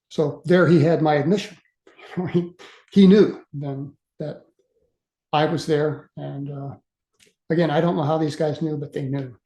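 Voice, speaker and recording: A man in his sixties telling a story from his past as a guest speaker. He talks earnestly and haltingly, with many uhs and repeated words. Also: fairly high pitch, steady tone, warm tone, echoey room. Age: 60s. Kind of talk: casual storytelling.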